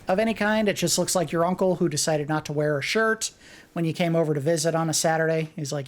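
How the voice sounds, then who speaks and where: A woman's voice: deep voice, animated, a little fast. A woman hosting a let's play, commenting on an old game with joking, sarcastic asides. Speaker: host. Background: game music.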